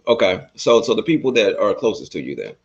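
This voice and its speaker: A male podcast host with a lively voice that moves up and down, relaxed and quick to laugh as he interviews. The recording sounds slightly dull and lo-fi. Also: lowish voice, creaky, a crowd in the background. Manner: relaxed, laughs a lot, rambles and restarts. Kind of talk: casual interview.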